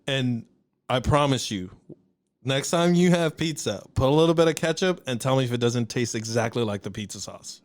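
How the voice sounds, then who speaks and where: A man's voice: medium pitch, expressive, moderate pace. A man with a Texan accent, co-hosting a casual podcast and ranting bluntly, with joking profanity. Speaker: podcast co-host. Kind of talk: casual chat.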